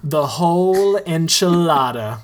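Reader doing a pumped-up lady coach, emphatic pep talk, slow and drawn out. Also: low-pitched, animated, pitched above the performer's own voice. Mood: rousing. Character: upbeat woman coach rallying dancers.

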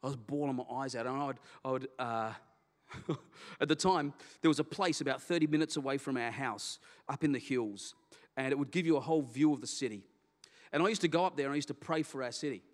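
Pastor in an echoing hall. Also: male voice, medium pitch, a little fast. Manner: candid storytelling, animated, self-deprecating. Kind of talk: personal testimony sermon. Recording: long hall reverb.

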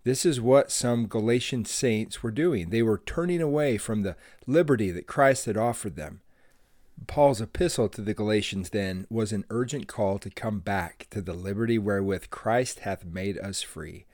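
A man's voice: on the low side, normal speed, darkish tone, dry recording, clean studio sound. A middle-aged man hosting a devotional podcast, telling a childhood story in an earnest, friendly way with an occasional laugh. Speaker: podcast host.

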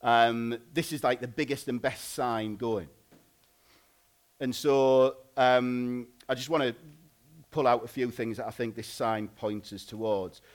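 Man, sermon, chatty and informal, mid pitch. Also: fairly even intonation, measured pace. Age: adult, married. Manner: informal, conversational, frequent "like" and restarts. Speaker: preacher.

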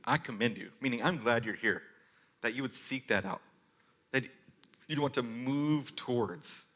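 A man in his thirties preaching a sermon as pastor, telling stories earnestly and moving between forceful and hushed delivery. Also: mid-range voice, a little slow. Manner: earnest storytelling, varies loudness from forceful to hushed.

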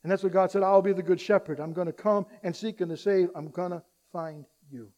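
High-voiced man preaching a sermon. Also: fairly even intonation, brisk. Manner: swings between loud urgent appeals and soft hushed asides; acts out quoted voices and calls the crowd to repeat lines. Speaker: pastor.

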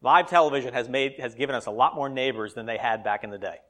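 A male pastor preaching a sermon, swinging between loud emphatic lines and quiet asides. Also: medium pitch, quick pace.

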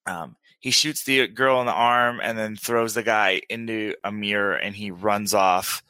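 A man's voice: lowish voice, steady tone, measured pace, pushed and bright, clear, resonant tone, no echo. A man co-hosting a casual podcast, recapping at length with lots of fillers and laughter. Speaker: podcast co-host. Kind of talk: casual chat.

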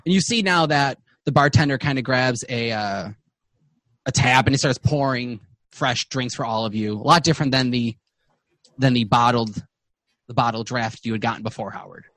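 Man game master, mid-pitched, halting delivery, dry close mic. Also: a bit bright, dry recording. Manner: halting, many fillers and restarts. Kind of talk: narrating a tabletop game.

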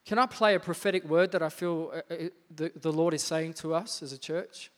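A male pastor preaching an energetic, emphatic sermon with lots of repetition in a church. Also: on the high side, brisk. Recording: reverberant church hall.

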